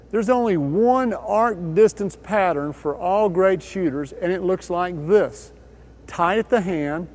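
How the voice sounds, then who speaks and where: A man giving a scripted instructional voice-over for a training video, explaining each point in a measured way. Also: sits high, darkish tone.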